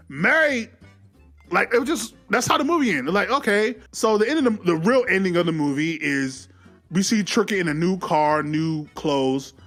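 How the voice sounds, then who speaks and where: Animated high-voiced man recapping a movie. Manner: animated, laughing, acts out characters' lines. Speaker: movie reviewer.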